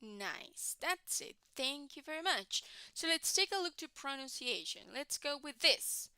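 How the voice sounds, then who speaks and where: A woman's voice: high-pitched, sing-song, a little slow, sharp tone, no room sound. A woman teaching an English class online, patiently explaining and constantly checking in with "right, guys?". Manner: encouraging, explains patiently, repeats key words.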